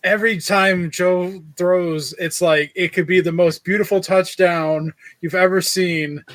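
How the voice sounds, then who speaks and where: A man's voice: high-pitched, fairly even intonation, a little slow, a bit bright, no echo, rough recording. A man co-hosting a podcast in casual chat, laid-back and dryly amused. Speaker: podcast co-host.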